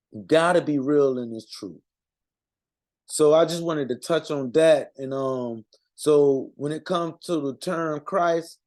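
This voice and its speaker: A man speaking in an unscripted monologue to his community, earnest and halting, with frequent restarts and fillers. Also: fairly high pitch, warm tone.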